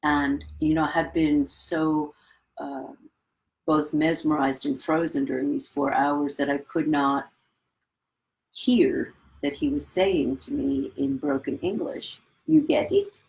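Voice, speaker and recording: A woman's voice: low-pitched, steady tone, slow pace, darkish tone, low-quality recording. A middle-aged woman, a conductor, telling a reflective anecdote in a casual interview. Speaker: guest, orchestra conductor.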